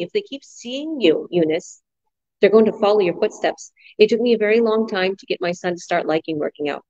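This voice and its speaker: A woman and mother, a business coach hosting a casual group chat, who tells stories with lively energy and acts out her kids' voices. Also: mid-range voice, no room sound, lo-fi sound. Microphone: video call.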